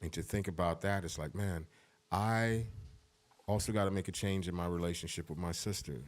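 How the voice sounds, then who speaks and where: A middle-aged man talking on a podcast, heartfelt and halting, holding back tears as he speaks. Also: sits low, fairly even intonation. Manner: heartfelt, profane, halting with restarts. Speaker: podcast co-host. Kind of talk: emotional casual podcast talk.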